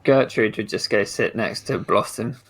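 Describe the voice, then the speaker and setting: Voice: medium pitch, normal speed, slightly rough, soft background music. A player in a tabletop game, casually describing what their character does, with frequent laughter. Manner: giggly, lively, describes character actions. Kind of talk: casual tabletop role-play.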